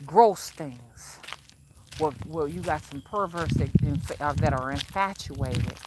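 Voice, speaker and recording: Heavy background noise surrounds a low-pitched, slow-paced older woman. She talks to her viewers casually and frankly as a spiritual advisor in a livestream, preachy and riddled with fillers and restarts.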